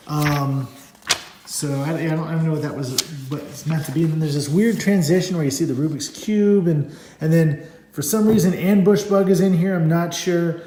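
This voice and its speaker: A man's voice: a little high, dark tone, slight background noise. A middle-aged man casually paging through a comic and talking about it, rambling and enthusiastic, with many fillers. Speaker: comic book reviewer. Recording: echoey room.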